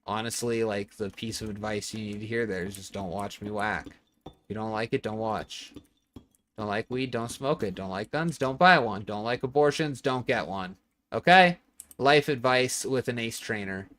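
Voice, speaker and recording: A man's voice: fairly low pitch, a bit bright. A young man streaming a building game from home, blunt and rambling, swearing a lot and talking to his chat and his cat on a desk microphone. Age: young adult. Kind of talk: casual livestream chat while gaming.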